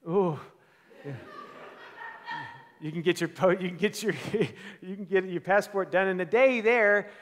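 High-voiced pastor telling a story in a reverberant church. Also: male voice, a little slow, pauses often. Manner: animated, self-deprecating, swings between loud and hushed. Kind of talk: sermon with personal storytelling. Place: church sanctuary.

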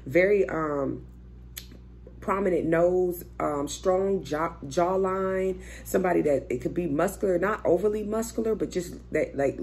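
A woman's voice: lowish voice, vocal fry, mellow, a little hiss or hum. A young woman doing a casual, chatty tarot reading, swearing freely and thinking aloud as she turns cards. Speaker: tarot reader.

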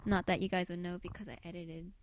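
A woman's voice: lowish voice, little pitch movement, fast talker. A woman chatting casually in a solo vlog, hesitant and self-mocking, with many fillers. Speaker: vlogger. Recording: hissy home recording.

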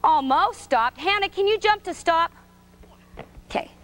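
A woman's voice: very high-pitched, animated, measured pace, a bit bright. A woman coaching a preschool gymnastics class, giving short, sing-song, encouraging directions to small children in a gym. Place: indoor gym.

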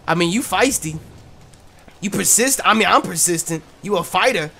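Loud, joking male game streamer. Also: high voice, expressive, slow, gravelly, a little hiss or hum. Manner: loud, joking, crude, talks to the game characters. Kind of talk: live gameplay commentary.

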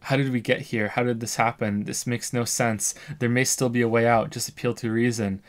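A man's voice: medium pitch, a little fast. A man in the middle of a let's-play stream, alternating between reading on-screen dialogue and musing aloud. His commentary is dry and casual, full of self-corrections and half-finished thoughts. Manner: wry, thinks aloud with frequent restarts. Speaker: streamer playing a game.

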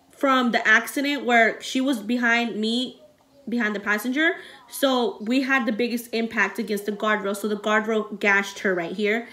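A woman's voice: fairly high pitch, pushed and bright. Young woman telling an emotional story. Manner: rambling and emotional, many fillers. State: close to tears. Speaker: vlogger.

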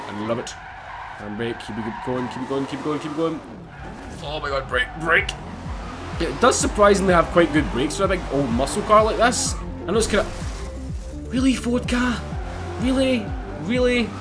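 A young man giving excitable, casual commentary over his racing game, swearing and laughing as he drives. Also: fairly high pitch. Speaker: gaming YouTuber. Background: game music and car engines.

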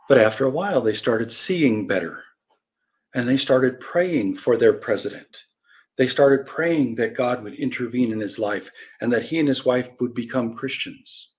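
A pastor with a mid-range voice teaches a Bible-study sermon in lively storytelling fashion, acting out quoted voices and shifting between loud cries and quiet asides.

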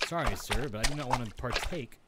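Excitable man narrating his own gameplay. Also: medium pitch, fairly quick, heavy background noise. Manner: chatty, excitable, talks to himself. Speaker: gaming video host. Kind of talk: let's play commentary.

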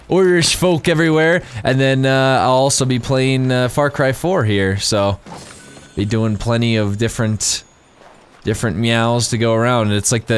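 A man talks over his gameplay in casual let's-play commentary, rambling and excitable and often laughing. His voice sits at an ordinary male pitch, with faint noise behind it. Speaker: gaming YouTuber.

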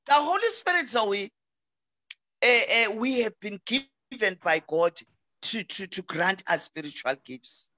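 A woman's voice: medium pitch, lively intonation, measured pace, pushed and bright. A middle-aged South African woman, a pastor speaking as a talk show guest over a video call, preaching emphatically and often repeating words as she restarts.

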